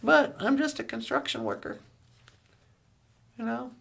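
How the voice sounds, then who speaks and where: A rough construction worker lets his guard down and talks in a confiding way, as a woman puts him on. The voice is high and has a gravelly fry. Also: huge pitch swings, unhurried, fairly bright tone, heavily acted. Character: gruff male construction worker.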